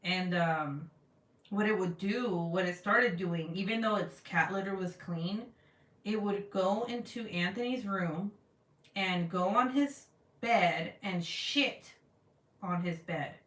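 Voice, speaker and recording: A woman's voice: fairly low pitch, slow pace, a bit bright. A woman vlogger in her thirties chatting casually and bluntly, swearing freely as she tells a story. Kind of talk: casual chat to camera. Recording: roomy, from a distance.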